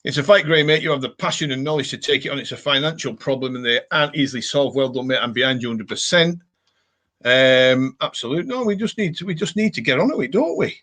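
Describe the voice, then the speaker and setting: A man's voice: mid-range voice, fast. A middle-aged man hosting a casual home live stream, ranting and reading out viewer comments. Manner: ranting, animated, reads viewer comments aloud.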